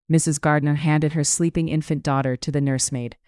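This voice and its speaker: An audiobook narrator reading a period novel in a measured, even storytelling manner, recorded on a studio microphone. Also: medium pitch, smooth, no echo. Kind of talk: scripted narration.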